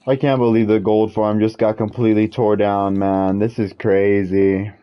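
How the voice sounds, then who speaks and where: A man's voice: lowish voice, flat delivery, normal speed, clear, resonant tone, muffled recording. A man streaming a game while venting in a frustrated, repetitive rant. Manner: frustrated ranting, repetitive, swears mildly. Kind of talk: casual gaming stream rant.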